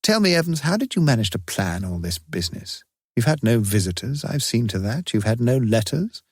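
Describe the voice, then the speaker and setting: A man doing a brisk, clipped prison governor. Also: medium pitch, big pitch swings, husky, no room sound, studio quality.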